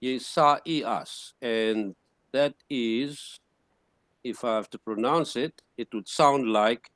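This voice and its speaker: Guy teaching a class, slow and drawn out, says each word over and over, dry sound. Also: mid-range voice, a bit bright, dry recording. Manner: slow and repetitive, sounding words out syllable by syllable. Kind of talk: classroom lesson.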